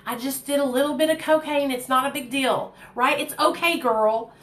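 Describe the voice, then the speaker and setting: A young man softly coaxes and reassures, keeping his voice low and gentle, as a woman quotes him in a story. The delivery sits higher than the teller's usual voice. There is a roomy echo around it. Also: normal speed. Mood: coaxing. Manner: soft, coaxing reassurance. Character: young man soothing, coaxing, casual.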